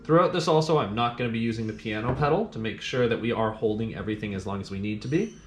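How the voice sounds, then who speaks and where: A man's voice: medium pitch, fast talker, hardly any pauses. Man teaching piano in an echoey room. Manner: counts beats aloud and hums rhythms while playing; patient, plain instructions to the learner. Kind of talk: step-by-step music lesson. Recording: roomy sound with piano playing.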